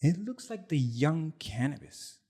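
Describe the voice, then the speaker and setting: A man with a slightly rough voice, pitched a little high and unhurried, co-hosts a podcast and founded a product. He tells a story casually, animated and laughing, acting out quotes along the way.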